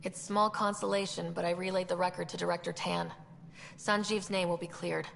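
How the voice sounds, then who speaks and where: An actress voicing a calm, steady young woman who leads as pathfinder, with a measured, composed way of talking. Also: fairly low pitch, gravelly, long reverb tail, slight background noise.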